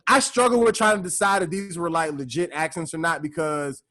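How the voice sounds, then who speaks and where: High-voiced rambling man. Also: steady tone, brisk, pushed and bright. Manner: rambling, repeats words and says "you know what I'm saying". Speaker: podcast co-host. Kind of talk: casual film discussion.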